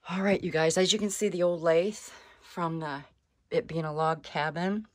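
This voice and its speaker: A woman's voice: lowish voice, steady tone, normal speed, darkish tone. A woman vlogging as she explores an abandoned cabin attic, nervous and exclaiming, talking to her viewers and to the animals she finds. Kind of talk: hushed exploring vlog.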